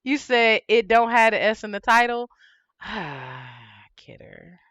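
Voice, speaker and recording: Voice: mid-range voice, unhurried, a bit bright, smooth, no room sound. A livestream host with a lisp, chatting casually and rambling with swearing and frequent laughs.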